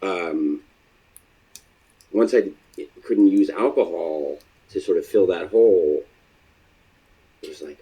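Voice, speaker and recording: Deep, husky man speaking hesitantly. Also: warm tone, rough recording. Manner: halting, hesitant, with many fillers. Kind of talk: reflective interview answers.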